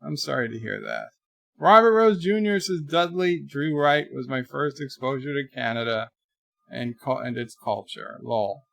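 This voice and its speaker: A man with a creaky, mid-range voice hosts a live stream at a measured pace, reading viewers' chat messages aloud in a chatty, rambling way and trailing off quietly. The recording is dry and clean, with studio quality.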